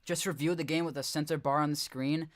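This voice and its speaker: A man's voice: on the high side, fairly even intonation, brisk. A young man casually commenting on game footage during a live stream, rambling and correcting himself with chuckling asides.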